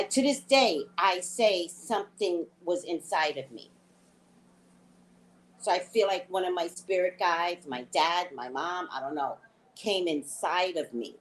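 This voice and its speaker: A middle-aged woman, a psychic reader, telling a story in an animated, emphatic way during a live reading chat. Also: fairly low pitch.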